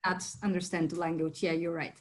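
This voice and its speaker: A woman interviewing a guest in English, friendly and laughing often, with halting phrasing. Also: lowish voice, level tone. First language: Turkish. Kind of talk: casual interview chat.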